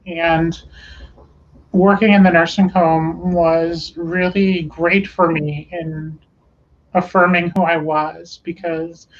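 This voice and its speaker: A woman speaking as an interview guest, measured and pausing often with "um". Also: fairly low pitch, highs cut off. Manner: measured, with frequent "um" pauses. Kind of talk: interview conversation.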